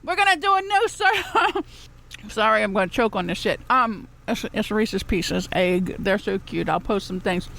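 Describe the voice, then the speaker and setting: A woman's voice: mid-range voice, lively intonation, normal speed, gravelly, bright, forceful tone. A woman host, chatting casually on live radio, rambling and cheeky, laughing often between phrases.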